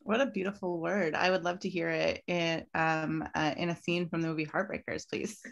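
A woman's voice: on the low side, level tone, normal speed, creaky, highs cut off. A woman competing in a comedy spelling bee, polite and playful. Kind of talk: casual game banter.

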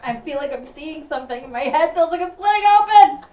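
A woman's voice: sits high, lively intonation, a little fast, distant mic. A woman in an improv show playing a young boy wizard seized by visions, talking dramatically. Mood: pained. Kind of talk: improv comedy. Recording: noisy, roomy stage audio from afar.

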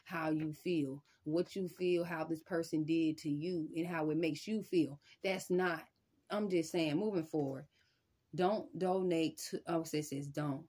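A woman giving a casual spiritual tarot reading in a slangy, emphatic way. She keeps repeating phrases to her viewers and breaks into sudden loud, high bursts. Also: steady tone, unhurried, husky. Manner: emphatic, repeats "y'all" and "I'm telling you". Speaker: tarot reader.

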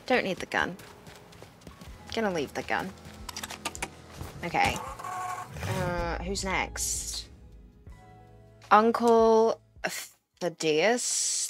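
A woman giving casual, chatty commentary as she plays a video game, reading objectives aloud and laughing at what happens. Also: lowish voice. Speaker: gaming video host.

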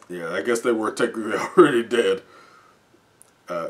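A man reading a comic live and reacting as he goes, often chuckling and halting with fillers. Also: fairly low pitch. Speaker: comic reviewer.

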